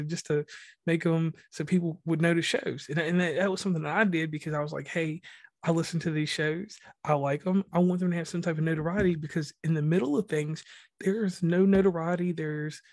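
A podcast host from the rural Mid-Atlantic conducts a casual interview, talking fast and rambling with many restarts. His voice is on the high side with a darkish tone, recorded at studio quality with no echo.

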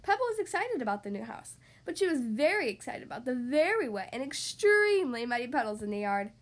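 Expressive woman reading a children's story. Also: sits high, a little fast. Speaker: podcast host reading aloud. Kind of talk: children's story read-aloud.

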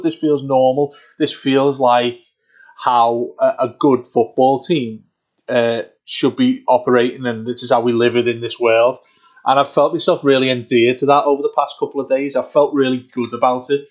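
A man co-hosting a casual football podcast, talking in a rambling, excitable way with many restarts. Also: mid-range voice, moderate pace. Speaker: podcast co-host.

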